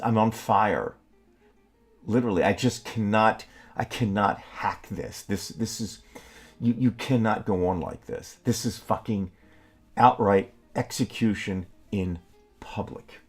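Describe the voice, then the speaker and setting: Furious halting man, low voice. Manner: heated, halting with many restarts, swearing. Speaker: podcast co-host. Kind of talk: angry political talk.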